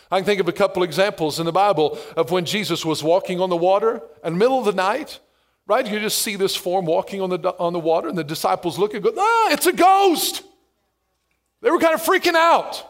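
A male pastor preaching a sermon, stressing phrases by slowing down and adding playful asides. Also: high-pitched.

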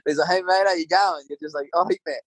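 A man's voice: high voice, fairly even intonation, fast talker, husky, no room sound. Middle-aged Scottish man, Scottish accent, rambling and sweary chat storyteller, dry close sound. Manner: swearing, rambling anecdotes with tag questions.

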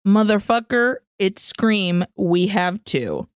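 A woman's voice: medium pitch, very animated, slow pace, clean tone, dry recording, clean studio sound. A woman co-hosting a podcast, animatedly retelling a film plot in casual chat and swearing freely. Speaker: podcast co-host.

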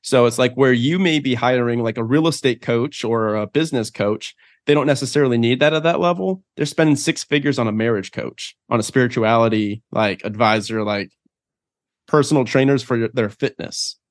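Man, podcast guest, casual, rambling, filler-heavy, middle pitch, dry close sound. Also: moderate pace, dry recording. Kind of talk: podcast interview.

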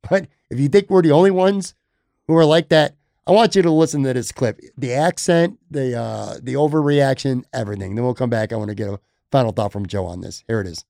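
Man, sports podcast host, excitable, knee-jerk, medium pitch, dry close mic. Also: a little fast, gravelly, no room sound. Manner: excitable, self-admitted knee-jerk reactor. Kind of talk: casual sports podcast chat.

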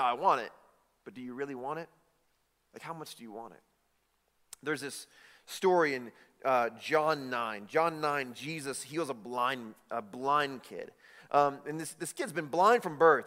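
A man's voice: fairly high pitch, expressive, normal speed, sharp tone. A man preaching a sermon, speaking casually and animatedly, acting out Bible characters in everyday modern voices. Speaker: pastor. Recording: long hall reverb.

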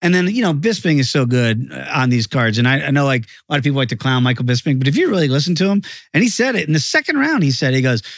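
A man talking as a guest analyst in a casual sports betting chat, animated and emphatic. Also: medium pitch, fast, few pauses, no room sound.

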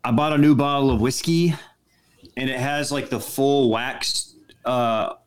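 A man's voice: mid-range voice, steady tone, a little slow. A man co-hosting a sports podcast, chatting in a laid-back, storytelling way. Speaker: podcast co-host. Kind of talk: casual chat.

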